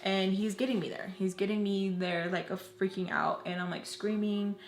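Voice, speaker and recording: A woman's voice: mid-range voice, steady tone, a little hiss or hum. A woman vlogger telling a personal story in a casual, emotional way, with many fillers. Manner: emotional, rapid retelling full of "like". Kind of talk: casual storytime while doing makeup. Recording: roomy echo.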